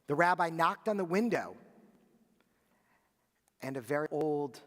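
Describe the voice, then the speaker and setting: A man leading Shabbat services, telling a story with animated asides to the children and reading names for remembrance. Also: on the high side, a little slow, pauses often, long reverb tail. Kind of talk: storytelling sermon and liturgy.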